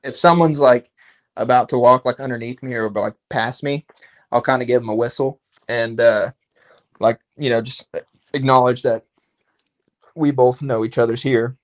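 A man of medium pitch chats casually on a podcast. He tells a long story in a rambling way and livens it up by acting out the exchanges he quotes. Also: fairly even intonation, normal speed.

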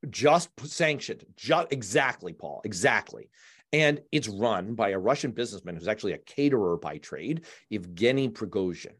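A man's voice: fairly low pitch, expressive, moderate pace, a bit bright, breathy edge. A man hosting a casual political chat in a chatty, long-winded way. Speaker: podcast host.

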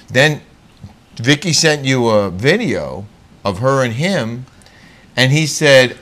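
A man's voice: medium pitch, lively intonation, a little slow, fairly bright tone. A man co-hosting a casual chat show, easily recapping the week's outings. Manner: easygoing, recapping events in a chatty way. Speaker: co-host.

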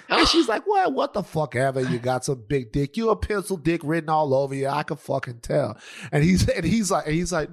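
Man, animated storyteller, lively pitch, slightly high voice, casual podcast chat. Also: brisk. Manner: animated, laughing, acts out quotes, profane. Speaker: podcast co-host. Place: Brooklyn, New York.

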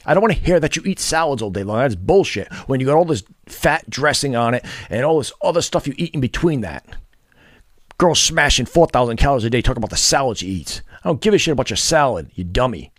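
A man's voice: medium pitch, animated, fast talker, dry recording, studio quality. A man ranting bluntly to camera as a fitness and dating vlogger, profane, scornful and lecturing.

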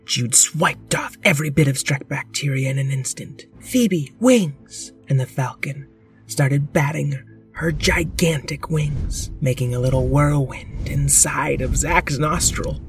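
A man narrating a children's story in a slow, playful storytelling manner. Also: mid-range voice, steady tone, faint music behind.

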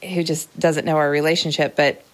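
A woman's voice: low voice, level tone, a little fast. Gushing woman podcast host. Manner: warm, gushing, reads an introduction with emphasis. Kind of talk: podcast interview.

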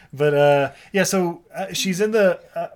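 A man's voice: high voice, takes it slowly, a little mellow. A man co-hosting a podcast, recapping a movie in casual chat, laughing often and acting out lines in silly voices. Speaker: podcast co-host.

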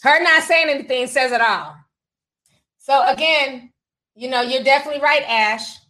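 A high, pushed, bright voice at ordinary speed comes through a rough recording. The woman speaking is a livestream host reading viewer super chats on a casual gossip show, chatty and sassy, laughing frequently and dropping "honey" and "child."

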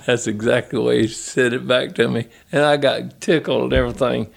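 Older man, gravelly voice, folksy yarn-spinner, guest on a podcast. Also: mid-range voice, brisk, hardly any pauses. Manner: folksy, animated yarn-spinning with acted quotes. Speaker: guest, former crew chief. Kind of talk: storytelling interview.

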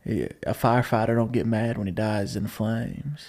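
A man voicing a laid-back male movie-star mentor in a comedy podcast bit, speaking in a low, hushed drawl and giving preachy, philosophical advice. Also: moderate pace.

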